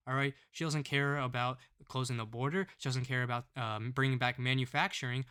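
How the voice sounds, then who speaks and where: A man's voice: medium pitch, fairly bright tone, smooth. Scornful ranting male political vlogger. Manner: scornful, ranting, keeps tagging "all right?". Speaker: political commentator. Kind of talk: political commentary vlog.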